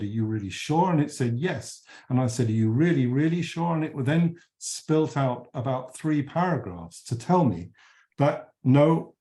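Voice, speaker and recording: A middle-aged man delivers an academic philosophy lecture in a mellow, relaxed tone. He speaks in a measured way, pressing hard on key points and often correcting himself mid-sentence with small fillers. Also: mid-range voice. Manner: measured, emphatic, with frequent fillers and self-corrections.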